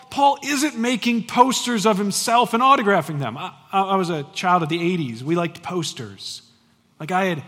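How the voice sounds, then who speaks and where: Man, forties, pastor, sermon, high voice, emphatic and conversational, long hall reverb. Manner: animated, emphatic preaching with conversational asides.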